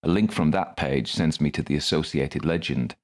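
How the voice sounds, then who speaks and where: A man's voice: extremely low pitch, normal speed. A man narrating his own first-person story in a dry, wry manner.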